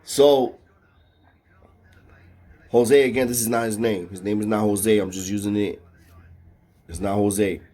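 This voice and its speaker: A man's voice: fairly low pitch, steady tone, a little slow, pauses often, dark tone. A man tells a story in a casual, slangy and profane way. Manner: slangy and profane, with frequent "know what I mean".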